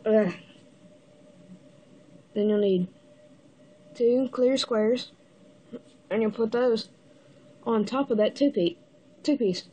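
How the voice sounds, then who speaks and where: Slow, breathy woman with hiccups. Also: on the high side, mellow. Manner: halting, pauses mid-step to show pieces. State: has the hiccups. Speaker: toy builder giving instructions. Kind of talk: casual step-by-step building tutorial.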